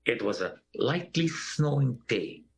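A man's voice: medium pitch, lively intonation, a little slow, creaky, slightly rough. A man telling a personal story in an interview, acting out the voices of the people in it. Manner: vivid storyteller who acts out the quoted voices of others.

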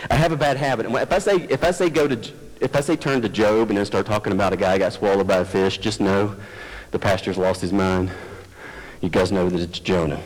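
A man's voice: on the low side, steady tone, a little fast. A man preaching a sermon as pastor, conversational and self-deprecating, addressing his congregation. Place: church sanctuary. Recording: long church hall reverb.

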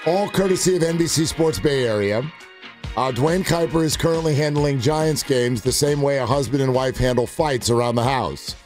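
A man's voice: mid-range voice, moderate pace, soft background music. A man hosting sports talk radio, telling stories animatedly and acting out what others said. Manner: animated storytelling with quoted asides.

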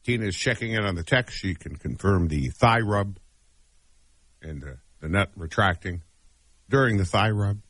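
A man's voice: lowish voice, expressive, normal speed, fairly bright tone, dry recording. A man co-hosting a radio talk show, joking and reading out odd facts in casual banter.

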